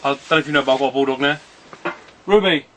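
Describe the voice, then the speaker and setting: A man's voice: mid-range voice, flat delivery, very fast, bright, forceful tone, slight background noise. A man talking casually and rambling in a home video outdoors on a sunny afternoon. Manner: rambling, chatty, often breaks off to call his dog. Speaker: retro game collector vlogger. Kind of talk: casual vlog chat.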